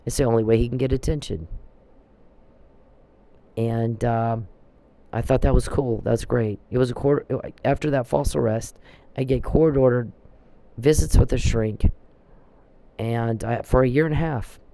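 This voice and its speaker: Gravelly man preaching emphatically. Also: mid-range voice, fairly even intonation, measured pace, long pauses, warm tone, poor audio. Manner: preachy, emphatic, scripture-quoting. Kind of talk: religious exhortation monologue.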